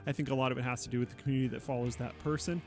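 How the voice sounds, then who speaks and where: A man's voice: mid-range voice, steady tone, rapid-fire, a little mellow, faint music behind. A man co-hosting a tech talk show, speaking hesitantly with many restarts. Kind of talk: casual podcast discussion.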